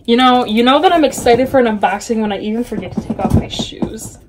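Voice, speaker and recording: A woman excitedly unboxing a package in her bedroom for a casual book vlog, gushing and chatty. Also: fairly high pitch, quick pace, noisy background. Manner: gushing, chatty, full of little gasps and exclamations. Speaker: book vlogger.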